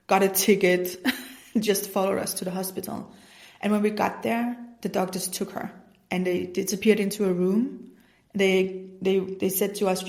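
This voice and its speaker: Woman with a gravelly voice telling her story. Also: medium pitch, a little mellow. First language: Danish. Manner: earnest, re-enacts dialogue with "I was like". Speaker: podcast host. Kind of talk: personal storytelling.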